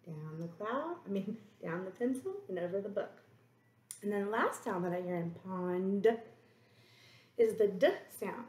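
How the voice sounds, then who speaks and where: A woman teacher talks young children through a phonics lesson at a very unhurried pace. She draws out each sound gently and encourages the kids. Her voice rings in a roomy, echoey space. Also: medium pitch, expressive. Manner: slow, drawn-out sounding of letters. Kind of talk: early-grade phonics lesson.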